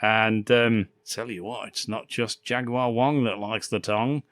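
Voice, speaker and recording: A man's voice: fairly low pitch, fairly even intonation, a little slow, fairly bright tone, no echo, clean studio sound. Sweary man laughing through a movie recap. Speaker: podcast co-host. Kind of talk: casual film-review banter.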